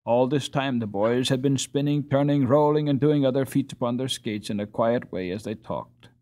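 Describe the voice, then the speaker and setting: A man's voice: mid-range voice, moderate pace, warm tone. A man reading a classic children's novel aloud as an audiobook narrator. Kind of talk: storybook reading.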